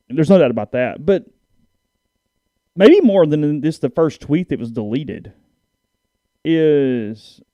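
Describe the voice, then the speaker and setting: A man's voice: medium pitch, warm tone, dry recording. A man co-hosting a sports podcast in casual chat, often restarting his sentences and reading posts aloud. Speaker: podcast co-host. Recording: dull, slightly lo-fi dry sound.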